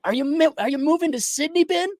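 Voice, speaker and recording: A man putting on a high, gushing, fawning local guy. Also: lively intonation, fast, no echo, studio quality. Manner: high, breathless mock gushing.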